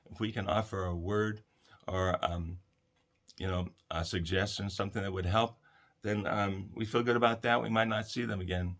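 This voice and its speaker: A man hosting a talk about counseling, speaking gently and reflectively to listeners and telling stories with many fillers. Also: fairly low pitch, fairly even intonation. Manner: gentle, unhurried, storytelling with fillers.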